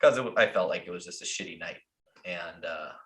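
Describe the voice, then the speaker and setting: An American man tells a story in a loose, profane ramble that is full of fillers. His voice is fairly low yet bright and forward. The recording carries a roomy echo. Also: expressive, a little fast. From United States. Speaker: podcast host. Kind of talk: casual storytelling.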